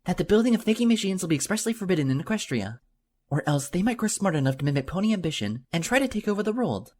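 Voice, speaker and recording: A man reading an audiobook, voicing a bossy, bookish young filly unicorn with a high, whining voice. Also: very animated, fast talker, darkish tone. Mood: regal pretend. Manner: high-pitched, whining, insistent.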